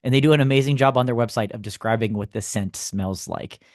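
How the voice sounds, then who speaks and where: A man co-hosting a podcast in casual chat, easygoing, with lots of filler words and shout-out asides. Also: medium pitch, fast talker, dry recording, clean studio sound. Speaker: podcast co-host.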